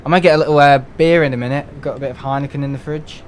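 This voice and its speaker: A man's voice: fairly high pitch, steady tone, very fast, slight background noise. A man from England chatting casually and rambling on a live game stream from home, with lots of restarts and fillers.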